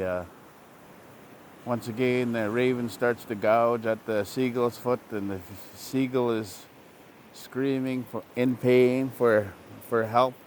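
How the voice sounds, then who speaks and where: A man, a language teacher, telling a traditional story in a relaxed, repetitive oral style. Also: mid-range voice, a little hiss or hum. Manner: relaxed, repetitive, plain-spoken.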